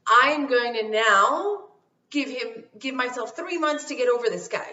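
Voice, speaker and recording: A woman's voice: sits high, lively intonation, normal speed, pushed and bright. A woman vlogger talking casually to camera with motivational life advice, emphatic and repeating her key phrases. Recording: roomy, distant, dull sound.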